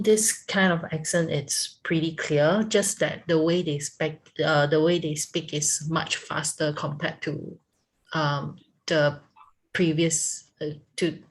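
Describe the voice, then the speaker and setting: A woman's voice: sits low, steady tone, slow pace. A woman learning English, speaking hesitantly and searching for words in a lesson. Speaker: English student.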